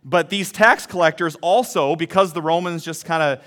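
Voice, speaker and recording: Lively conversational man preaching. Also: fairly high pitch, normal speed. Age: 30s. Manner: lively, conversational, calls for congregation responses. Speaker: pastor. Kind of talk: sermon with a personal story.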